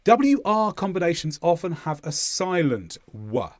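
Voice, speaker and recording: Lively southern English man teaching pronunciation. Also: sits high, dry recording, studio quality. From southern England. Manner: slow, exaggerated demonstration of sounds. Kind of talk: pronunciation lesson.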